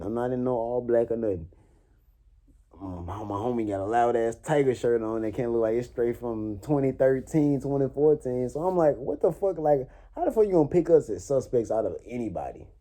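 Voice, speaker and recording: Animated young man. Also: fairly low pitch. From New Orleans. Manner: animated, swearing, laughs often. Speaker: vlogger. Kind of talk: casual story time monologue.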